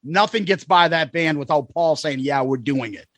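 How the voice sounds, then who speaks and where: A man co-hosting a podcast, chatting loosely and cracking jokes with the odd curse. His voice sits high and bounces around a lot. It sounds bright and close, with a dry sound. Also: expressive, normal speed, dry recording. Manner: loose and jokey, swears freely. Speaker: podcast co-host. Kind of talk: casual chat.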